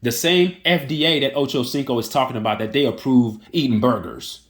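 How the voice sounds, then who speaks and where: A man's voice: medium pitch, brisk. A man delivering an indignant, emphatic opinion rant that repeats its points for emphasis. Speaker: online commentator.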